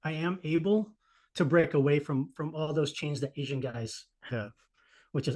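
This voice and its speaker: At a normal speed and with a voice on the high side, a man in his thirties tells a personal story in casual podcast chat. It's an animated, profane telling in which he performs the other people's voices.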